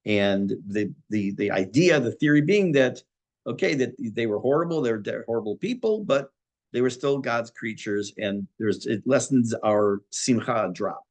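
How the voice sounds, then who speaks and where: A middle-aged man, a rabbi giving a Torah class, talking thoughtfully many pauses and restarts. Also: medium pitch, animated, a little mellow.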